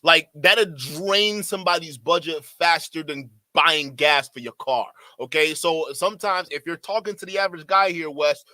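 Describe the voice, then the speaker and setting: A man's voice: fairly high pitch, moderate pace, hardly any pauses, bright, forceful tone, no room sound. A man doing reaction commentary in a profane, sarcastic way, laughing often. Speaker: YouTube commentator.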